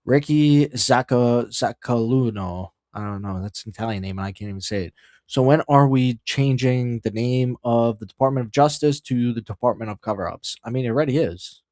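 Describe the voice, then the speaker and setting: Man, livestream host, profane, rambling rant, mid-pitched voice, dry close sound. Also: moderate pace, a little mellow, no room sound. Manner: reads headlines aloud then riffs. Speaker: streamer host. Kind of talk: casual livestream commentary.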